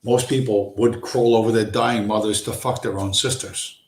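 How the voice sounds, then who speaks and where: A livestream host delivers a blunt, profane, emphatic rant on a chill stream from a room at home, and the recording carries a roomy echo. His voice is on the low side, steady in tone, at a moderate pace.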